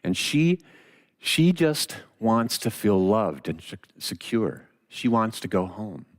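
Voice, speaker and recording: A man preaching a sermon, retelling a story with dramatic pauses and expressive delivery. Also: on the low side.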